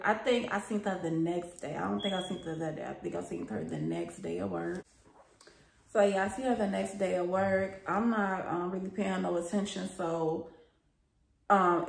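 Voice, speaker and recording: A young woman vlogger with a mid-range voice and vocal fry tells a story in casual chat, talking straight to her viewers, calling them y'all, and swearing freely. The recording has a roomy echo.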